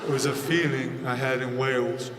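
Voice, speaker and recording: A man doing an impression of a gloomy, mumbling British rock singer who talks soft and deadpan. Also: mid-range voice, moderate pace, crowd noise, voice pushed down, lightly acted. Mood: mopey. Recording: echoey hall, music behind.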